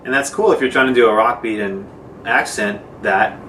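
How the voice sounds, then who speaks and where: This is casual instruction from a male drum teacher who describes strokes in plain, relaxed language, with fillers and demonstrations. At ordinary pitch and a moderate pace, he's picked up by a far-off mic in a noisy, echoey room.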